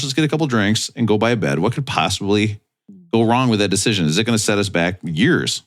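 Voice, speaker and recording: A man's voice: on the low side, lively intonation, fast. A man co-hosting a comedy podcast, telling crude stories in casual banter. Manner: crude storytelling, bursts of loud laughing delivery. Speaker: podcast co-host.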